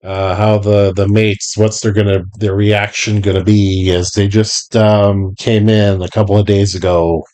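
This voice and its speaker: A man narrating as game master for a tabletop game, unhurried, with many fillers. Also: on the low side, flat delivery, a little mellow.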